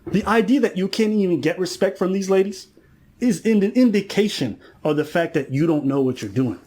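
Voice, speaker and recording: Acting out others' lines as he tells stories, a male podcast commentator mocks his way through a casual rant. He sounds high-pitched and expressive, a little fast and a little mellow.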